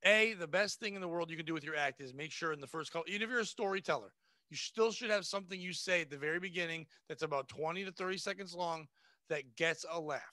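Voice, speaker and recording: Comedian guy, high bright voice, swears a lot, acts out little scenes, dry close mic. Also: fast talker, no room sound. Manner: blunt, profane, animated storytelling. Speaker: comedian guest. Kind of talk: casual podcast chat.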